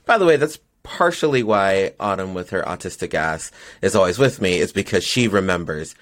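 A young man with a low voice that swings widely up and down as he chats. He hosts a casual podcast and tells stories animatedly, jumping into higher voices for quoted lines. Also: normal speed. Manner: animated storyteller, acts out quotes in high voices. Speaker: podcast host, drag performer.

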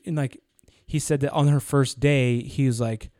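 A man's voice: medium pitch, steady tone, brisk, darkish tone, no echo, studio quality. A young man co-hosting a casual podcast, rambling through a story and acting out the people in it. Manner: rambling, acts out quoted people in anecdotes. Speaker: podcast co-host.

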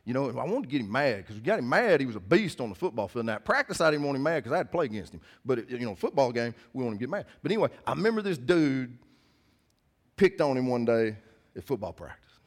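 A middle-aged man with a drawl preaches in a mid-pitched voice. He tells stories with lots of energy, jumping from loud bursts down to near-whispers. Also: fast talker. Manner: animated storyteller, swings between loud and hushed. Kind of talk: sermon with personal stories.

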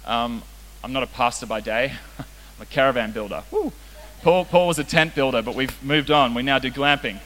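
A man's voice: medium pitch, normal speed, a bit bright. Young man, youth pastor, casual joking sermon, long hall reverb. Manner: casual, joking, self-deprecating. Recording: reverberant hall with faint hiss.

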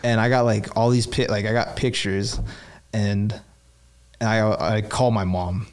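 Young man telling a story casually, rambling with lots of filler words and getting animated. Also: fairly low pitch, unhurried, smooth. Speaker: store employee telling a story.

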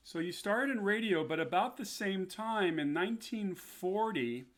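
Slow-speaking male interview host. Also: high-pitched, lively intonation. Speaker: podcast host. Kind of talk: interviewer questions.

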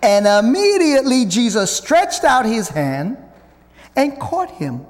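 A man preaching a sermon and teaching from the Bible, talking to listeners as guys and swinging between loud and hushed. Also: extremely high pitch, big pitch swings, slow pace. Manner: conversational, addresses listeners as guys. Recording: long hall reverb.

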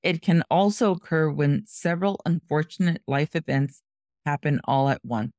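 A woman on a recovery podcast, calmly explaining ideas in a measured way. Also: low-pitched, dry recording, clean studio sound. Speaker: podcast participant.

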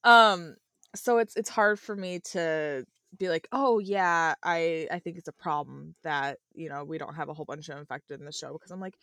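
A woman's voice: low-pitched, moderate pace, fairly bright tone, dry recording, clean studio sound. A woman in a casual chat, giving her opinions emphatically and laughing often. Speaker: co-host.

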